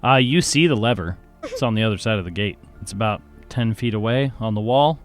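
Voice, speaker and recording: Game master, male, very lively voice, playful narration with sound effects. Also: fairly low pitch, a little fast, faint music behind.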